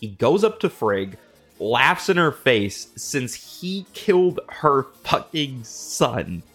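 A young man casually retelling myths as a comedy host, slangy and profane, popping into quick mimicry of the characters. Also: mid-range voice, very animated, a bit bright, breathy edge, faint music behind. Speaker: podcast host.

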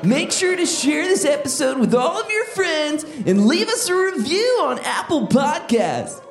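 Bubbly woman hosting a kids' podcast. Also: high voice. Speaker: host. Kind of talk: children's stand-up podcast hosting. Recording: roomy echo.

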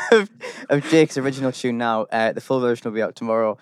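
Young man hosting a podcast, casual and joking, mid-pitched voice, dry close sound. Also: a little fast, smooth, dry recording. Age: 20s. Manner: relaxed, joking, swears casually. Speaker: podcast host. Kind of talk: casual chat.

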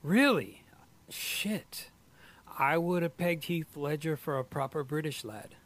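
A man in casual chat, reacting with loud exclamations, swearing and laughing often. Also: a little high, expressive, slow pace.

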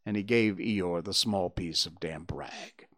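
A man narrating a storybook in a gentle storytelling manner. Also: low voice, a little slow. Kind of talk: storybook reading.

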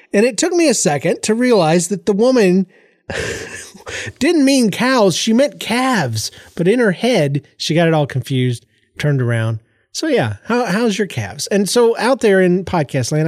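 A middle-aged man with a stuffy, congested voice rambles cheerfully through family anecdotes on his podcast, pitched a touch high and jumping into quoted voices. He sits close to the mic in a dry, dead-sounding room. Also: measured pace, no room sound. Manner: animated, jokey storytelling with laughs and voiced quotes. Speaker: podcast host. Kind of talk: casual solo podcast storytelling. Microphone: close podcast microphone.

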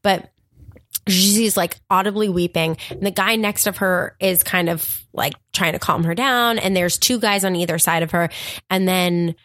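A woman guest on a comedy podcast, telling a story in a casual, animated way, acting out quotes and laughing often. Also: fairly low pitch, moderate pace, no echo.

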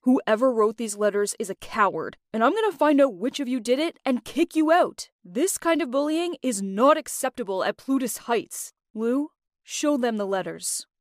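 A woman's voice: a little high, lively intonation, normal speed, no room sound, studio quality, natural voice. A woman voicing a bossy, indignant rich teenage boy who takes charge. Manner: commanding, indignant.

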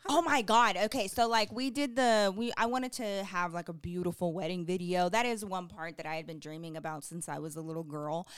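A young adult woman co-hosting a podcast, telling stories in lively casual chat and acting out what others said. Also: fairly low pitch, a little fast, few pauses, smooth, no echo, clean studio sound. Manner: animated storytelling, acts out quotes. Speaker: podcast co-host.

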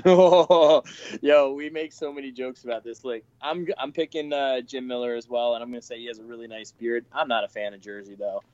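Giggly, halting man. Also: mid-range voice, darkish tone, no room sound. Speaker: podcast guest. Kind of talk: casual chat. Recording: dry, muffled lo-fi audio.

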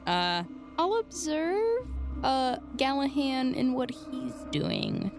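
A woman playing a tabletop game, chatting casually, animated and quick to protest. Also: high-pitched, creaky, over music. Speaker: player.

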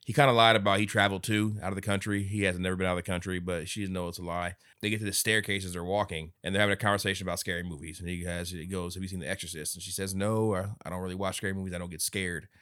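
A man co-hosts a movie review podcast, talking fast in a low register. He retells the story in loose, casual chat, dropping curse words and snapping into short quoted lines. The sound is close and dry. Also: fairly even intonation, a bit bright, smooth, no room sound. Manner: retells plot with swearing and quick acted-out quotes. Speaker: podcast co-host.

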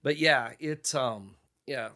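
A man hosting a podcast in casual chat, relaxed and hedging his words with fillers. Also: medium pitch, slow pace. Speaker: podcast host and author.

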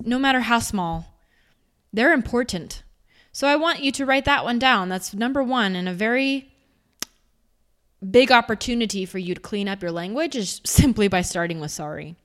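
A young woman speaking earnestly in a motivational talk, in an easy conversational tone. Her voice sits at an ordinary middle pitch for a woman, and she explains each point patiently. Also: fairly bright tone. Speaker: self-improvement speaker.

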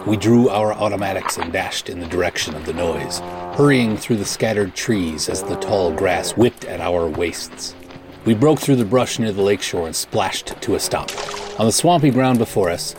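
A man reading a first-person pulp adventure audiobook in a measured, matter-of-fact way. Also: lowish voice, music in the background. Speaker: narrator.

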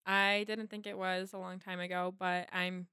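A woman's voice: fairly low pitch, level tone, normal speed, sharp tone, clear, resonant tone, no room sound, studio quality. A teenage girl, a guest on a podcast, talking earnestly and rambling with lots of likes. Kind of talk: casual podcast chat.

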